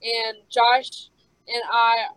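A young woman from Russia with a faint Russian accent tells her testimony as an interview guest. She speaks slowly and haltingly in a flat, smooth voice, and the sound is dry. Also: on the high side, no room sound, poor audio. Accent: slight Russian. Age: young adult. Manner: hesitant, with many fillers.

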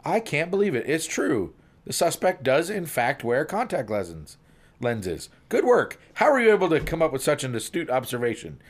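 A man's voice: a little high, very animated, very slow, hardly any pauses, a little mellow, voice pushed up, exaggerated voice. A man playing an angry police interviewer in a joke, with a guttural voice from the side of his mouth. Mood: amazed.

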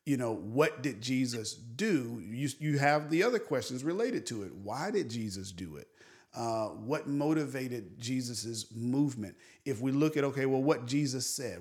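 A man's voice: mid-range voice, a little mellow. A man of forty co-hosting a religious discussion podcast, talking earnestly and posing question after question. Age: 40s. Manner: earnest, asks a string of questions. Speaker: podcast co-host.

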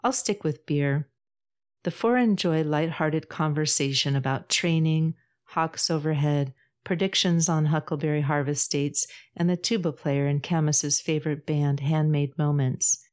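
A woman reading her own story aloud as podcast host, calm and measured. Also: low voice. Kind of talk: storybook narration.

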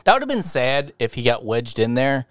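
A man chatting casually with his pitch swinging high and low as he acts out the people in his stories. He sounds close to the mic in a dry room, with no echo around his voice. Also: moderate pace. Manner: animated storyteller, mimics people. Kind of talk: casual banter.

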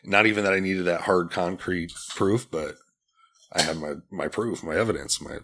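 A man in his forties, guesting on a podcast, tells a personal story candidly, bluntly and profanely, restarting often in casual storytelling. His voice is low at a moderate pace, with a noisy background.

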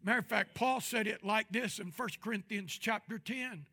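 A pastor delivering a sermon, moving between quiet, measured talk and loud, drawn-out shouts. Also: male voice, sits high. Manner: drawn-out, emphatic phrasing.

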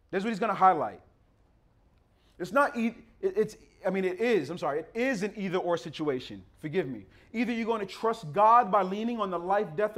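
Male preacher, sermon delivery, lively swooping voice, emphatic and chatty. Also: high voice. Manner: emphatic, conversational, addresses listeners as beloved.

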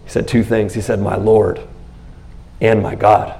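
A man preaching a sermon in an animated, conversational way, often acting out scenes in quoted voices. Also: on the low side, unhurried, gravelly. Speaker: pastor.

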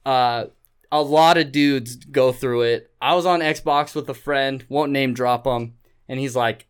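A man's voice: medium pitch, unhurried, clean tone. A man co-hosting a casual sports podcast, ranting bluntly with plenty of swearing and jokes. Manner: blunt, profane, jokey ranting. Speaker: podcast co-host.

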